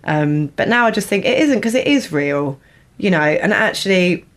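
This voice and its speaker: A woman hosting a casual podcast conversation, animated and quick to laugh. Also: fairly low pitch. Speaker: podcast host.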